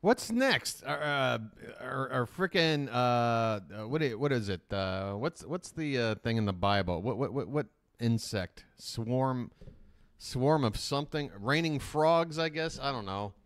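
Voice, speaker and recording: A man's voice: mid-range voice, expressive, unhurried, a bit bright, no room sound, studio quality. A man hosting a live reaction stream, rambling in casual, profane commentary.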